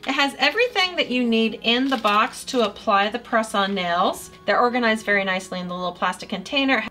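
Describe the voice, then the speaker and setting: Gushing woman with a bright voice. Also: fairly high pitch, animated, a little fast, soft background music. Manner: gushing, enthusiastic. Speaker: nail product reviewer. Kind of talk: casual product review vlog.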